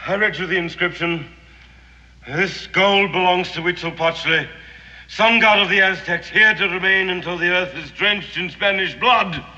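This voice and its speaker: A man's voice: high voice, moderate pace, sharp tone. An actor playing a fanatical Englishman who guards a sun god's gold, speaking in a grandiloquent, theatrical way. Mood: ominous. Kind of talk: 1960s TV western acting. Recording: echoey, roomy, slightly dull old TV audio.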